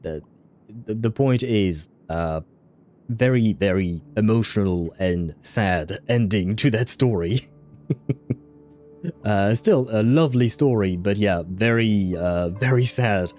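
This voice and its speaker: Rambling low-voiced male streamer. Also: slow pace, a little mellow, faint music behind. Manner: rambling, many fillers, frequent laughs. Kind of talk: casual livestream chat reading viewer comments.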